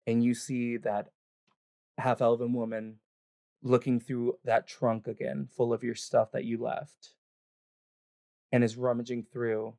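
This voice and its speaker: Narrating a tabletop game on a livestream, this dungeon master keeps things casual, laughing, swearing, and leaning heavily on fillers. The voice is medium-pitched and dark-toned, moving little in pitch at a moderate pace. It's studio-quality audio without any echo.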